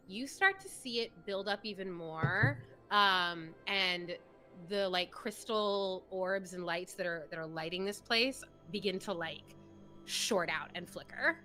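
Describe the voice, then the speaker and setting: A woman narrating a tabletop game as game master, animated and rambling, laughing often. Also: mid-range voice.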